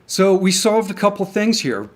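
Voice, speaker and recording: A young independent crypto commentator rants angrily to camera about markets, swearing often and tripping over restarts. His high-pitched voice swings widely in pitch at a moderate pace, captured on the camera mic.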